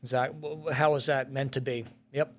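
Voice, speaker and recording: A man's voice: medium pitch, little pitch movement, normal speed. Profane middle-aged man telling a raw story. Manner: blunt and profane, heavy swearing and filler words. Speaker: podcast guest, firefighter and police officer. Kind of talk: raw storytelling in a podcast interview.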